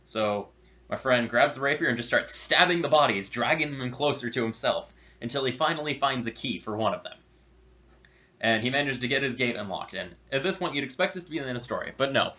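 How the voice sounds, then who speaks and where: A man casually telling a funny story from his game nights, with wry asides and animated delivery. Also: mid-range voice, fairly quick. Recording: dull lo-fi recording.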